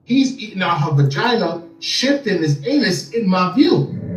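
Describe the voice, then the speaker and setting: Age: adult. Sex: man. Style: animated interview storytelling, echoey room. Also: high voice, a little slow. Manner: animated, often repeats words. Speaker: interview guest. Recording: echoey room, far from mic, faint music.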